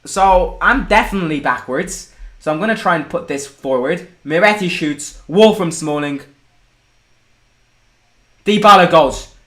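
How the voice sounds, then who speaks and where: A young man hosting a live football watchalong, excitable, breaking into shouts and swearing. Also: a little high, unhurried, pauses often. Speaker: fan channel host.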